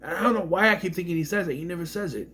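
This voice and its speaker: A man casually recapping a movie, rambling with fillers and slipping into quick voice impressions. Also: high voice, sharp tone.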